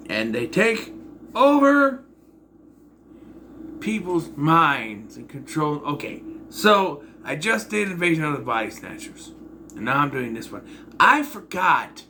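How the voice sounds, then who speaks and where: A man talks through a movie review in a loose, rambling way, his pitch bouncing up and down as he goes. His voice is bright and forward, with a faint hum behind him. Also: slow pace, long pauses. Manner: rambling, animated, with frequent throat clearing. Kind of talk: casual spoken movie review.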